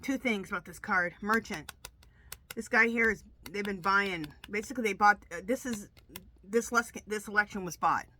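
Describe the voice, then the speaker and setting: A woman tarot reader talks to her viewers in a loose, rambling way, often restarting her sentences. Her voice is bright and forward, and her nose is stuffed up from allergies. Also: mid-range voice, moderate pace, a little hiss or hum. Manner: chatty, rambling, many restarts. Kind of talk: casual monologue to camera.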